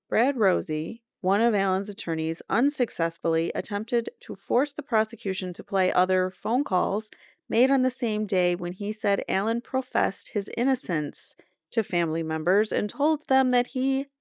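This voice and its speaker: A woman with a low, gravelly voice talks through a court case in a loose, chatty recap, reading out quotes and wandering into side remarks. The sound is dull and lo-fi, close and dry with no room around it. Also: dry recording. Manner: conversational, reads quotes aloud, trails off into asides. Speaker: true crime channel host. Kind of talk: casual commentary recap. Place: home room.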